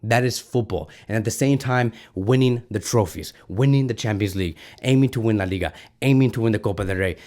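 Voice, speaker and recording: A man hosting his own fan channel talks straight to his viewers after a match. His voice sits in an ordinary middle pitch, and his delivery is passionate and ranting, with words repeated as he gets worked up. It sounds like he is speaking from indoors at home. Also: a little mellow. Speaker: football fan channel host. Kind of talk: excited post-match reaction monologue.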